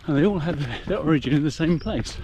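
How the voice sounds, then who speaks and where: A man's voice: a little high, animated, brisk, darkish tone. A middle-aged man giving a chatty, explanatory commentary while running a muddy rural trail. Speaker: vlogger. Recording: noisy outdoor recording.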